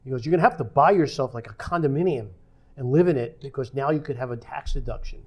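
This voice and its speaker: Older man telling a lively story. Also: mid-range voice, fast, breathy edge. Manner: animated storyteller acting out quoted dialogue. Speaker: podcast guest. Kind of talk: conversational storytelling.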